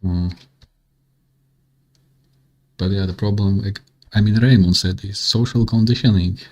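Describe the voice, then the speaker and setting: Low flat-voiced man mocking a clip. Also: a little slow. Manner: blunt, mocking asides. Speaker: streamer reacting to a video. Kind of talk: casual live-stream commentary.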